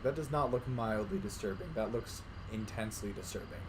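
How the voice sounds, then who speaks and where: A man's voice: lowish voice, a little fast, background noise. A man giving casual commentary while playing a game, muttering wryly to himself. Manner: muttering, wry, talking to himself. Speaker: gamer.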